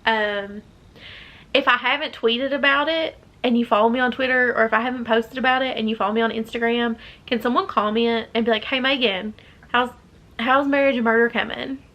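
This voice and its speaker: A woman's voice: a little high, fairly even intonation, a little fast, a bit bright, dull audio. A young woman with a Southern US accent chatting casually as a book vlogger, rambling with many fillers and restarts. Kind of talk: casual chat.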